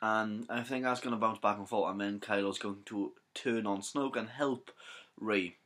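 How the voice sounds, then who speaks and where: A man's voice: lowish voice, fairly even intonation, moderate pace, a bit bright. A young man with a Welsh accent chatting casually to camera, rambling and correcting himself, with trouble saying his th sounds. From Wales. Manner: rambling, self-correcting, slangy. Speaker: fan vlogger. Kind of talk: casual theory chat to camera.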